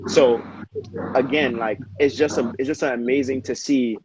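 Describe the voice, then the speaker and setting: A man in casual conversation, spinning a story with loose, slangy energy and a mid-range pitch. The audio is slightly dull and lo-fi, with a faint hiss of noise underneath. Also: unhurried. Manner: slangy, animated storyteller, frequent "yo" and "you know what I mean". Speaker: dancer and podcast co-host.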